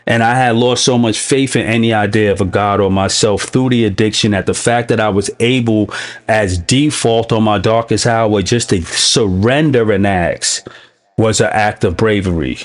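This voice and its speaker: A man's voice: fairly low pitch, normal speed. A man hosting a recovery podcast, speaking emotionally in a heartfelt, preaching way. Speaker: podcast host.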